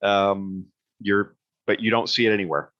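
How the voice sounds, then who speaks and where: A man's voice: lowish voice, fairly even intonation, moderate pace, no room sound. A man running a tabletop game as game master, easygoing, with frequent chuckles and "uh"s. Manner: easygoing, chuckles often, many "uh"s. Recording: dull lo-fi audio.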